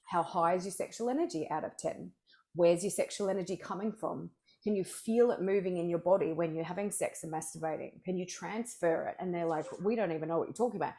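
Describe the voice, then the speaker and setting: A middle-aged woman guest in a candid interview. She has a slightly low voice and talks with driving energy, doubling back on her words and pushing each point hard. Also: fairly quick. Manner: energetic, emphatic storytelling with frequent restarts. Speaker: sexual wellness coach, interview guest.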